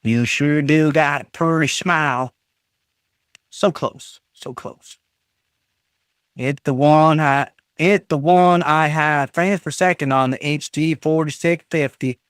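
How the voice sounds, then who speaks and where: A man's voice: on the high side, steady tone, measured pace, hardly any pauses, smooth, no room sound, clean studio sound. A man chatting on a live stream, reading his chat aloud and trading jokey teasing banter with the viewers. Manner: reads chat messages aloud and reacts.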